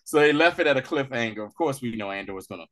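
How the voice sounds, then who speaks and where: A man co-hosting a casual recap podcast, animated and laughing as he acts out scenes in quick voices. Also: medium pitch. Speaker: podcast co-host.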